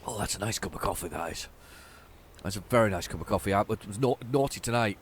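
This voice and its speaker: Speaking fast on the low side of the range, a man rambles through casual commentary while he plays a let's play. He's chatty and self-deprecating, and his close desk-microphone recording at home carries slight background noise.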